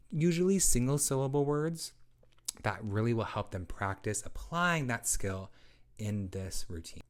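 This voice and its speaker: A literacy researcher with a mid-range voice presents a webinar for parents, walking through teaching routines step by step and using teacher-style prompts.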